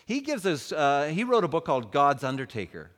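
Man, church event speaker, humorous talk on faith, very expressive intonation, long hall reverb. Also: fairly high pitch, brisk. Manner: animated, joking, conversational.

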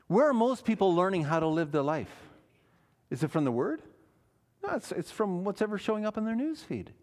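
Animated man preaching a sermon. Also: sits high, a little fast. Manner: earnest, emphatic preaching with rhetorical questions. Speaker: pastor. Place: church.

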